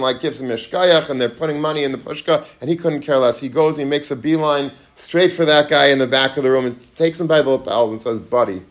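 A man preaches a storytelling sermon with lively energy, and his voice jumps up and down as he acts out the people in his story. Yiddish and Hebrew terms slip into his plain talk. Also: fairly high pitch. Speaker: Torah lecturer.

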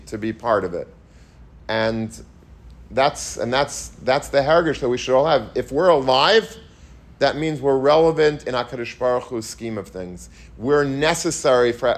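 A middle-aged man giving a Torah lecture, telling stories and mixing Hebrew and Yiddish terms into his English, with frequent restarts. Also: mid-range voice. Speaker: Torah teacher.

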